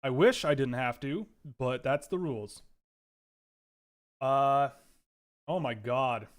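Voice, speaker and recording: A man hosting a casual livestream from home, giving rambling, animated commentary with frequent restarts. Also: mid-range voice, slow pace. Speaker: livestream host.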